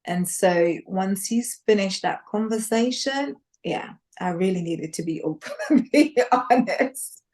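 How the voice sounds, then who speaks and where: This woman relates her personal testimony conversationally, her voice mid-range and her pace measured. She animates the story by performing the voices of its characters and laughing as she goes.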